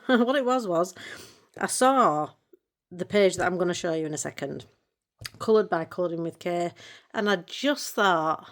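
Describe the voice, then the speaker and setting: A middle-aged woman who runs a colouring channel chats casually while showing her colouring books. Her voice is mid-range with a fairly bright tone, and she gets emotional easily and laughs a lot.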